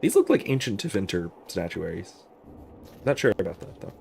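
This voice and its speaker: A man's voice: sits low, wildly swooping pitch, fairly quick, gravelly, a little mellow, a little hiss or hum. A man hosting a live game-play stream, chatting and thinking aloud in a self-deprecating way. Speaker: host. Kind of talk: casual game-play commentary.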